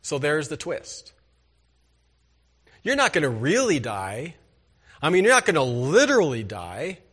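Emphatic preaching man, fairly high voice. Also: wildly swooping pitch, a little slow, fairly bright tone, breathy edge. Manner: emphatic, preaching with rhetorical questions to the congregation. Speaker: pastor. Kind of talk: sermon.

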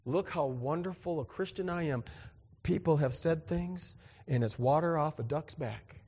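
Animated joking preacher, man. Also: moderate pace, husky, long reverb tail. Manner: animated and joking, acts out dialogue with big pitch swings. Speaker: pastor. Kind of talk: sermon.

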